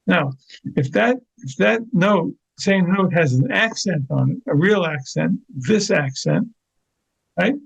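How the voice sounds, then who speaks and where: A man's voice: sits high, animated, slow pace, gravelly, breathy edge. An older man, an orchestral percussionist, explaining note markings as an interview guest, often repeating words as he demonstrates. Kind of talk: explaining, teaching. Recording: lo-fi, dull sound.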